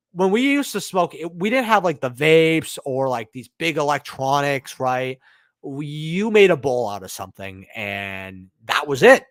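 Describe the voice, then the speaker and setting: A young man hosts a live stream, chatting casually and rambling through stories full of slang, swearing, and "bro." His voice sits a little high with a fairly bright tone, recorded dry at studio quality.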